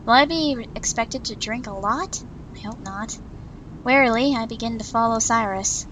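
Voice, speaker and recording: A woman's voice: fairly high pitch, normal speed, a bit bright, a little hiss or hum, close to an everyday voice, rough recording. A woman voicing a prim, stubborn young female trainee, narrating her thoughts earnestly in first person from a visual novel. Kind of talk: reading a visual novel aloud.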